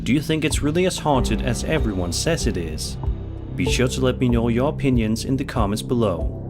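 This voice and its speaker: Male horror narrator, measured scripted read, music bed. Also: medium pitch, lively intonation.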